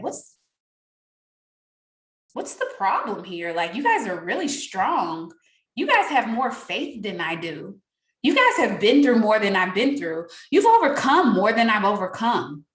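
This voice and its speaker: In a fairly high voice and an unhurried manner, with roomy acoustics, a young adult woman gives her sales team a casual pep talk. She's animated and preachy, frequently laughing and imitating what other people said.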